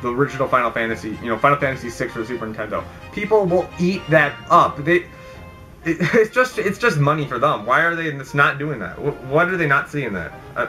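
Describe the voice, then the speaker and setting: A man's voice: medium pitch, pushed and bright. Exasperated, rambling young man. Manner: rambling and exasperated, with mock outrage and self-aware asides. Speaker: YouTube channel host. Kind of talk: unscripted opinion vlog. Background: background game music.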